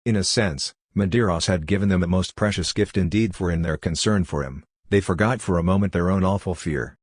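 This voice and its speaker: A man narrating an audiobook in a measured, even reading style. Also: sits low, no echo, clean studio sound. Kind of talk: scripted narration.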